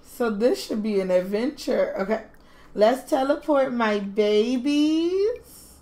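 A woman's voice: fairly high pitch, expressive, slow, warm tone. Doting woman gushing over her game. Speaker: game streamer. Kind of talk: casual gameplay commentary.

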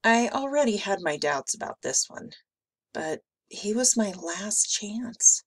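A woman teacher reading a picture book aloud with slow, expressive delivery. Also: lowish voice, vocal fry.

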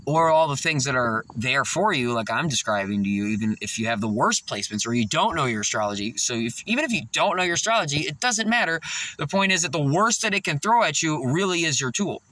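A stoned man rambles to the camera, drifting between stories and laughing at himself. His voice sits high and swings widely in pitch. The tone is bright and edgy, loose and meandering. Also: animated, quick pace. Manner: loopy, laughing often, rambling. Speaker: vlogger. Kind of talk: rambling casual monologue.

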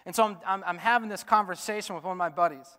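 Guy preaching a sermon, smooth resonant voice, gets loud then goes real quiet. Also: high voice, very fast, big-room sound. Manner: dynamic, swinging from loud urging to soft hush. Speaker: pastor. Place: church sanctuary.

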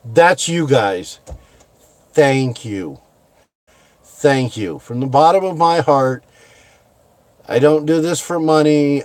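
A middle-aged American man closing his window cleaning vlog with heartfelt thanks, talking slowly with many fillers and restarts. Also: mid-range voice, darkish tone, clean tone, dry recording. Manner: heartfelt, slow and halting with fillers. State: choked up. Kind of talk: casual vlog sign-off.

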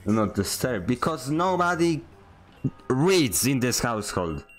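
A man's voice: medium pitch, big pitch swings, a little slow, faint music behind. A young man, streaming a game and barking short voice commands, sarcastic and easily annoyed. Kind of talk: casual gameplay streaming with voice commands.

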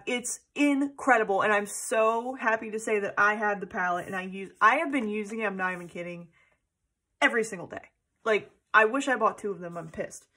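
A woman vlogger in loose, casual chat, with a bright, forward tone. She gushes and rambles, filling pauses with ums and wandering off on tangents. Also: mid-range voice. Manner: gushing, rambling, with many fillers and tangents. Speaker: planner vlogger.

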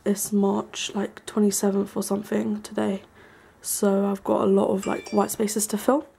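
A young woman giving a casual, rambling tour of her small bedroom, full of ums and likes, sometimes hushed. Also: mid-range voice, monotone, normal speed, gravelly, breathy edge. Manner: hushed at times so as not to wake her brother. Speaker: vlogger. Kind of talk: casual room tour vlog.

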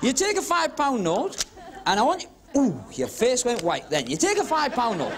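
A man doing comic magic patter on a club stage, teasing audience volunteers with quick cheeky asides. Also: very high voice, wildly swooping pitch. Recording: 1970s TV broadcast with crowd laughter and hiss. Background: audience laughing and murmuring.

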